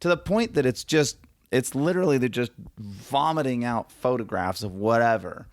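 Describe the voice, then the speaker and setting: A man's voice: mid-range voice, lively intonation, moderate pace, dry recording. A man talking as a guest photographer in a casual podcast conversation, emphatic and acting out the reactions he quotes.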